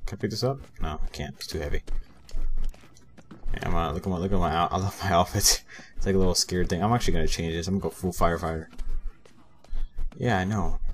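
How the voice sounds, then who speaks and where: Deep-voiced young man rambling over gameplay. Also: fast talker. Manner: rambling, many fillers, mutters to himself; talks back to game characters. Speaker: gameplay commentator. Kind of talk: casual let's play commentary.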